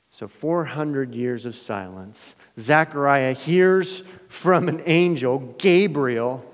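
A male pastor preaching a sermon in a dramatic way, swinging from loud emphasis to hushed asides. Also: mid-range voice. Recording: long hall reverb.

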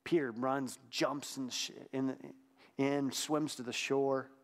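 A man's voice: medium pitch, steady tone, measured pace. Reflective male preacher in a reverberant hall. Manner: conversational and reflective, drops to a hushed tone at times. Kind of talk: sermon.

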